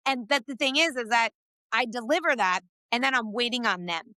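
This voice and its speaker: A woman, a podcast guest, talking casually in an animated, fast way with many fillers. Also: fairly high pitch, dry recording. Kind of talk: casual conversation.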